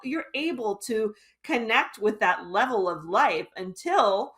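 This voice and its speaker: A woman's voice: on the high side, lively intonation, measured pace, a bit bright. A woman author being interviewed as a guest, explaining her ideas in an earnest, fluent way. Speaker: author and intuition teacher, guest. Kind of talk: interview conversation.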